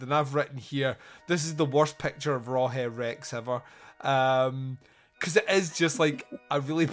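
A man hosts a casual movie podcast, talking in a loose, rambling way. He is dry and sarcastic and laughs often, with a voice sitting at an ordinary middle pitch. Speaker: podcast host. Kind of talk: casual movie review chat.

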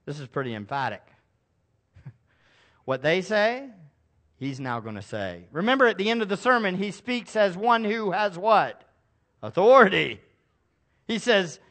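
A man's voice: a little high, animated, normal speed, long pauses, fairly bright tone. A male pastor preaching a sermon to a congregation, emphatic and calling for responses. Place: church service with a congregation.

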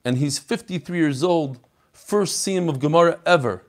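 A man hosting a Torah class, telling stories in an animated, casual way, mixing in Hebrew and Yiddish terms. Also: a little high, normal speed. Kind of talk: casual daf yomi class talk.

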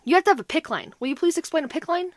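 A woman's voice: very high voice, racing, no room sound, clean studio sound. A woman co-hosting a podcast. She tells a story in casual chat, full of "like". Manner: animated storyteller, heavy use of "like". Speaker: podcast co-host.

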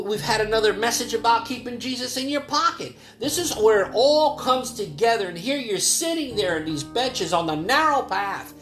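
A male pastor delivering an earnest devotional sermon. His voice rises into loud, urgent calls and then drops to soft, quiet passages. Soft instrumental music plays faintly underneath. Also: high-pitched, reverberant.

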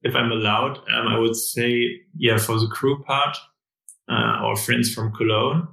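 Man, podcast guest, hesitant, gravelly, echoey room. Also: medium pitch, steady tone, bright, forceful tone. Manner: slow, hesitant, many fillers. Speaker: guest, run crew member. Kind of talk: casual podcast interview.

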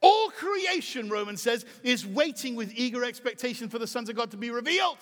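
A middle-aged man preaching a sermon as pastor, emphatic and swinging from soft to shouting. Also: very high-pitched, quick pace. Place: church auditorium. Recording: reverberant hall.

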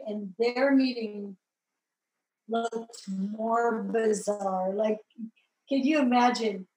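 Woman, fairly high voice, animated storytelling, echoey room. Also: extremely slow. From Southern California. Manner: lively, acts out voices in the story, rises to excited peaks. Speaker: guest telling her testimony.

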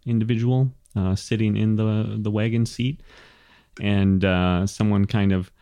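A man narrating as game master of a tabletop game, halting and full of fillers. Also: on the low side, flat delivery, mellow, smooth, no room sound, studio quality.

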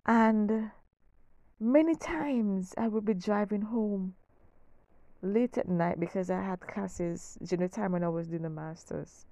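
A middle-aged woman hosting her own podcast, speaking in a slow, emphatic, heartfelt way, repeating phrases and sometimes dropping almost to a whisper. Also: mid-range voice, fairly even intonation, gravelly, dark tone, no room sound. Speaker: podcast host. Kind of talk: heartfelt faith-based podcast monologue.

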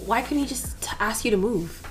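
A woman's voice: on the high side, lively intonation, brisk. A young woman co-hosting a podcast in casual chat, reacting with incredulous questions.

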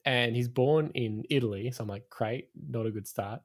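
A man's voice: medium pitch, moderate pace. A man chatting casually about a film, joking and laughing often. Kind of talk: casual film review chat.

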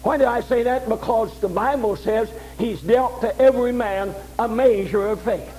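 A man's voice: very high voice, moderate pace, mellow, low-quality recording. An older man preaching a sermon in a folksy way, repeating phrases and checking in with his listeners. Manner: folksy, repeats phrases, asks "all right?".

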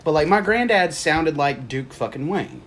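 A man hosting a podcast, telling stories in a casual, animated and profane way. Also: a little high, moderate pace, a little hiss or hum.

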